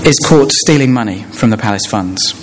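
A man preaching a sermon, explaining a passage in a measured way with frequent hesitations and restarts. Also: on the low side, expressive, background noise.

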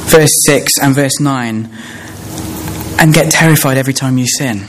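A man preaching a sermon, explaining a passage in a measured way with frequent hesitations and restarts. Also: medium pitch, noisy background.

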